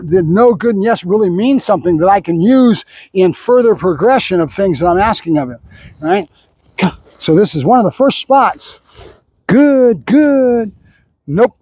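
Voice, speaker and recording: High-voiced man coaching a dog. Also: darkish tone, no room sound. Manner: chatty, repeats short marker words while explaining. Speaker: dog trainer. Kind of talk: instructional training narration.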